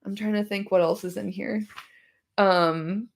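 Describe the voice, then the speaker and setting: Animated, profane woman ranting on stream. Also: medium pitch, measured pace, vocal fry. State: slightly hoarse. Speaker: streamer discussing a book chapter. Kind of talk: casual livestream chat.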